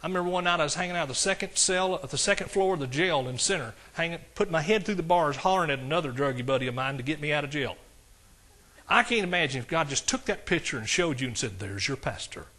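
Forceful preacher, high bright voice. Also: male voice, lively intonation, fast. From East Texas. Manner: folksy storytelling that builds to fervent exclamations. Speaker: pastor. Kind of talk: sermon testimony. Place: church service.

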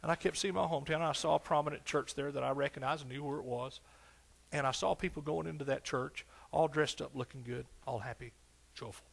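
Older East Texas man, pastor in the pulpit, fervent and folksy, slightly high voice. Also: steady tone, fast talker, vocal fry, breathy edge. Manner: fervent, exclaiming, folksy storytelling. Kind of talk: sermon.

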